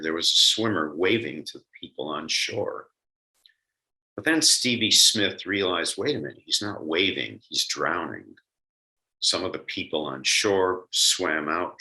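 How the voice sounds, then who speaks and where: A man gives a reflective holiday sermon through a computer mic on a video call. His voice is very deep yet strikingly bright, and he talks slowly and conversationally, pausing to think. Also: rough recording. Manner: thoughtful, conversational, with pauses and fillers. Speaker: lay speaker giving a d'var Torah. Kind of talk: Yom Kippur sermon over a video call.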